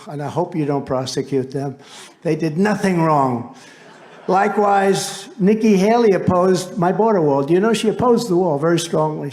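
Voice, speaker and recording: A man's voice: on the high side, gravelly, a little mellow. A man who is a political candidate, giving a campaign rally speech in a rambling, boastful way with asides to the crowd.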